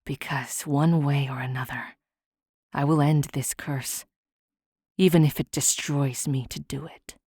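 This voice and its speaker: A woman voicing a wounded, vengeful male Fae king in a low, hushed, menacing half-whisper for an audiobook. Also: fairly even intonation, measured pace, husky, no echo, studio quality, exaggerated voice.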